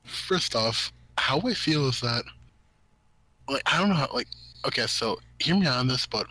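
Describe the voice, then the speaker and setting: A young man with a bright, husky voice that sounds strained, trading jokes in casual podcast chat. He quips quickly and laughs at his own lines. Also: medium pitch, lively intonation, dry recording, poor audio. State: strained voice after a voice crack. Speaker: podcast co-host.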